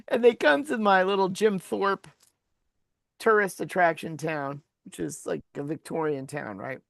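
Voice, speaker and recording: Woman co-host, gravelly low-ish voice, lively storyteller, dry close sound. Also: unhurried, no room sound. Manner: lively storyteller who laughs often. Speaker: podcast co-host and former sports agent. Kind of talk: casual sports chat.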